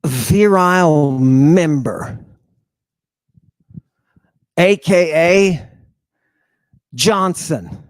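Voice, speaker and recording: A man's voice: high-pitched, no room sound. A man hosting and giving a theatrical lecture to his audience. He stresses and repeats key words and keeps firing rhetorical questions. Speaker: lecturer and host.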